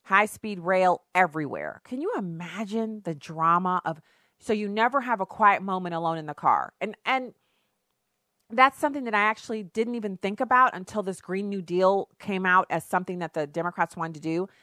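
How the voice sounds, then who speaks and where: A woman's voice: medium pitch, moderate pace, sharp tone, dry recording, clean studio sound. A woman hosting opinionated political commentary, sarcastic and emphatic, with rhetorical questions.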